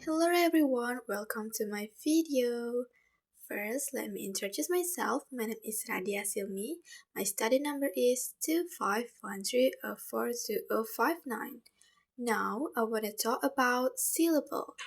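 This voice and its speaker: A woman student with an Indonesian accent presenting a class video lesson, explaining slowly and carefully with repeated examples. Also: a little high, lively intonation, gravelly.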